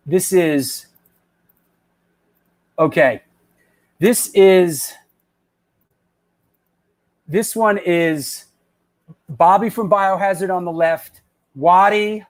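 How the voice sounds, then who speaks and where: A man hosting a live web show, rambling and excitable as he chats with viewers and restarts his sentences. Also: fairly high pitch. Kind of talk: casual live-stream chat, reading viewer comments.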